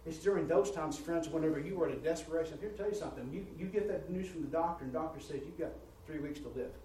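A man preaching a sermon, rising in volume and pitch as he presses his points and often repeating words. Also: very fast, warm tone, a little hiss or hum. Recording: roomy church sound from a distant mic.

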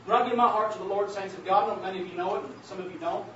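A man preaching a sermon and sharing his testimony, calling out to the congregation as saints of God and building to emphatic shouts. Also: high-pitched, very fast. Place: church hall. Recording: very echoey, distant, dull church recording with faint hiss.

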